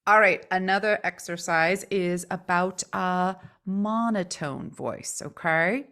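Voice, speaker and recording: A woman coaching on speaking voice, lively and demonstrative. She teaches in a conversational way, often acting out the sounds she describes. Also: lowish voice, slow. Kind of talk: instructional chat.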